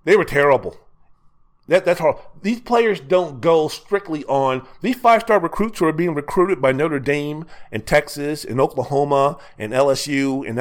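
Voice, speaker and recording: A man hosting his own sports talk show, giving emphatic, colloquial commentary that is full of repetition. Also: on the high side. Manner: emphatic, repetitive, colloquial, sings snatches playfully.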